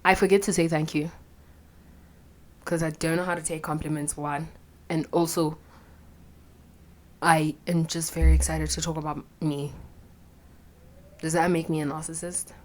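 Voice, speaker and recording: A young woman, telling a candid personal story with plenty of swearing and quiet whispered asides. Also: deep voice, flat delivery, normal speed, pauses often. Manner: blunt and profane, drops into whispered asides. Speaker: vlogger.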